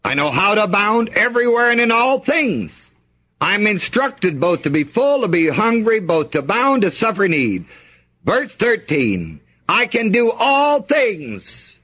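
A man's voice: high voice, big pitch swings, measured pace, pushed and bright, slightly rough. A man preaching a sermon, reading scripture aloud and asking the congregation to fill in the missing words.

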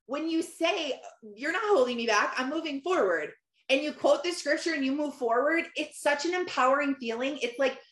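Earnest woman podcaster in echoey room. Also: high voice. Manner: earnest, animated, acts out inner dialogue. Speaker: podcast host. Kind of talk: faith podcast talk.

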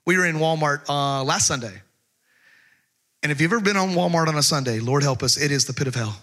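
Preaching in a conversational style, a middle-aged male pastor moves from humorous everyday anecdotes to slow, emphatic scripture readings. His voice is slightly high, bright, and forceful.

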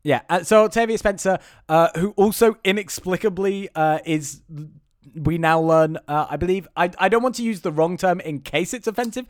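A man co-hosting a podcast, rambling through a film recap with loud, incredulous outbursts. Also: sits high, normal speed, no echo, studio quality. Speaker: podcast co-host. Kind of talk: casual chat recapping a film.

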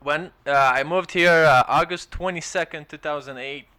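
Bright, joking man. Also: on the high side, normal speed, clean tone. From Ukraine. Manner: joking, laughs often, loose and rambling. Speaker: stand-up comic, podcast guest. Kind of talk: casual chat.

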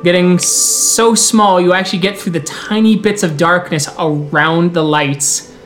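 A man running a tabletop role-playing game as storyteller, mixing unhurried scene narration with quick rules calls. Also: sits high, fairly even intonation, a bit bright, faint music behind.

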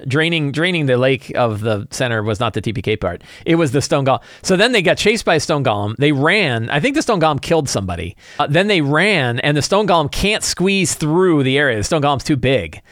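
Game master, male, rambling and lively, dry close sound. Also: on the high side, fairly quick, hardly any pauses, dry recording. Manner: rambling with many restarts. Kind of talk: casual game prep talk.

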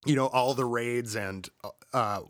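A man co-hosting a casual gaming podcast from a home basement, talking hesitantly with frequent pauses and restarts. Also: mid-range voice. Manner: hesitant, full of ums and restarts. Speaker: podcast co-host. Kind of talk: casual chat.

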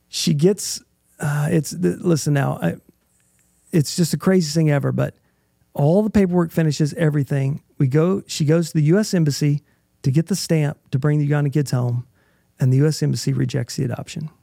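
Gravelly, husky man telling his story. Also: on the high side, mellow, no echo, clean studio sound. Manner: earnest, halting storytelling with restarts. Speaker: interview guest. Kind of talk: emotional personal testimony.

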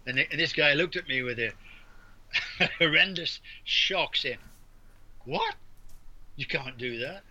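A man's voice: a little high, a little slow, bright, forceful tone. An English man, a former referee, telling rambling anecdotes in an interview, with restarts and laughs. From England. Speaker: guest, former basketball referee. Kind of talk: storytelling in an interview. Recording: dull lo-fi audio.

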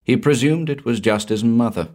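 A man narrating a spooky short story in a measured way, dropping low and soft at ominous moments. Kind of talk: scripted narration of a spooky tale.

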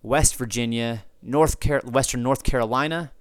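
Smooth-voiced man, rambling podcast host. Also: mid-range voice, normal speed, no room sound, clean studio sound. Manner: rambling, off-the-cuff, frequent restarts and asides. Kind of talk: unscripted podcast talk answering listener feedback.

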